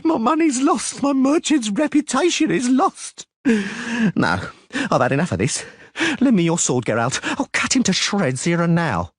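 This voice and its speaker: Man doing hot-tempered halfling trader, higher voice, husky. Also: big pitch swings, a little slow, dry recording, studio quality, heavily acted. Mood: exasperated. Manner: exasperated, shouting.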